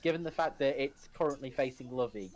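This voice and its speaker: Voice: mid-range voice, fast, darkish tone. A game master running a tabletop game, wry and teasing with the players.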